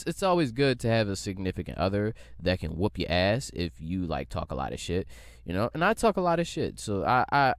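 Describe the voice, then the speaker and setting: A man's voice: sits low, dry recording, studio quality. A man hosting his own podcast, ranting and joking in a rambling, profane way. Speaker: podcast host. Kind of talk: casual comedic rant.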